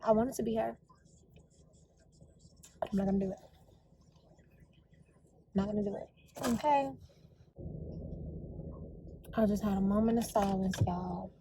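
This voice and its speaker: A woman's voice: medium pitch, fairly even intonation, unhurried, long pauses, warm tone, slight background noise, poor audio. A woman vlogging in a casual, confessional way, chatty and gushing as she talks to her viewers.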